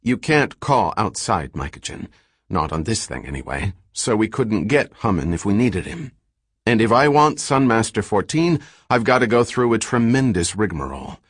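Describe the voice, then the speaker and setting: A man's voice: on the low side, big pitch swings, normal speed, no room sound, clean studio sound, pitched above the performer's own voice. A man playing an earnest, wry male scholar who gets insistent and exasperated, read in an audiobook. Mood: tired.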